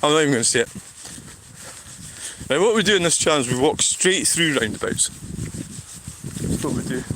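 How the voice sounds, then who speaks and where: Walking along a roadside on a livestream, this Scottish vlogger wanders through thoughts, sighs, and restarts sentences. The voice is mid-pitched, animated, and fairly bright at a moderate pace, with slight hiss or hum.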